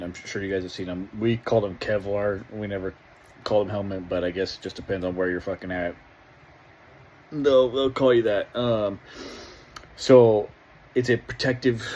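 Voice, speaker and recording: A man's voice: on the low side, darkish tone, a little hiss or hum, poor audio. A middle-aged man hosting a casual reaction video, talking in a profane, rambling way and laughing often.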